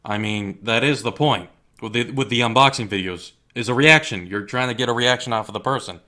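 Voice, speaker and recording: A man's voice: mid-range voice, fairly quick, sharp tone. A young man ranting to his viewers in a blunt, heated, profane way. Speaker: YouTuber. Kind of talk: angry rant to camera.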